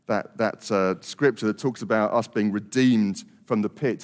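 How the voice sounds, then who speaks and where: Earnest preacher man in a reverberant hall. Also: on the high side. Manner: earnest, repetitive emphasis, drops soft and quiet at times. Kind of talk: sermon. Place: church hall.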